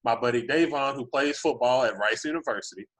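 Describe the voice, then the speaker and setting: A man's voice: medium pitch, fairly quick. A man, a podcast guest telling a story in casual talk, acting out voices and saying "like" a lot. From Humble, Texas. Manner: animated, acts out voices in anecdotes, lots of "like".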